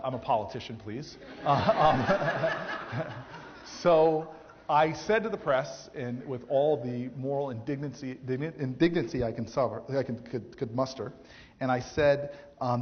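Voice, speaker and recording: A man in his thirties, a mayor, telling a story to an audience in a speech, animated and acting out the people he quotes, with frequent restarts. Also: medium pitch. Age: 30s. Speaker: mayor giving a campus speech. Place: large theatre hall. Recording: dull, roomy auditorium recording.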